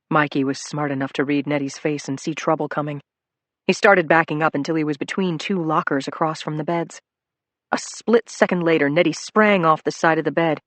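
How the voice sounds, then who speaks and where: An audiobook narrator telling a crime story in a measured, dramatic way on a close studio microphone. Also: medium pitch, a bit bright, no room sound.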